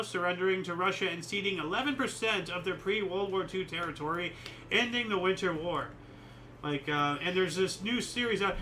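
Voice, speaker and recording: High, bright-voiced man hosting a chat. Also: a little hiss or hum, low-quality recording. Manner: rambling, opinionated, many fillers. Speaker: host. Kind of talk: casual chat reading history dates.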